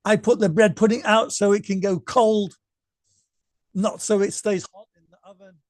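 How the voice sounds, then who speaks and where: A man's voice: high voice, fairly even intonation, normal speed, dry recording, studio quality, pitched above the performer's own voice, close to an everyday voice. A man acting out a grumpy father who sulks and defends himself in a story. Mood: defensive. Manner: sulky and defensive.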